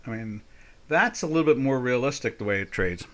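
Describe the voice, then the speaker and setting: A man's voice: mid-range voice, animated, fairly quick, a bit bright. An older man hosting a live trading session, giving casual market commentary with folksy, jokey asides and mock exasperation. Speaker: trading webinar host.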